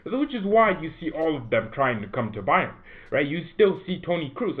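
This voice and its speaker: A man hosting a football fan channel, rambling in casual commentary and often tagging his points with "right?". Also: on the high side. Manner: animated, rambling, keeps asking "right?". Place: home room. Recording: tinny phone-like sound.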